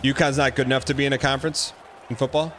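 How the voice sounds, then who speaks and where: A man streaming a football video game, giving excitable running commentary and repeating phrases as he plays. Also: medium pitch, quick pace, faint music behind. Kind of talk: live gameplay commentary.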